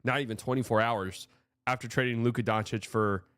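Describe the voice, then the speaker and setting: A man's voice: mid-range voice, steady tone, brisk, a bit bright, no room sound, studio quality. Profane, rambling male sports streamer. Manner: frank, profane, rambling with restarts. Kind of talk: casual live-stream commentary.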